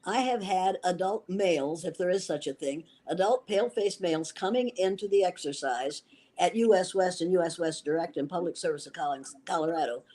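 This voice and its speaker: A woman's voice: lowish voice, fairly quick, mellow. An older woman being interviewed as an educator, telling stories in an emphatic, assured way. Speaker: guest educator. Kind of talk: interview answers.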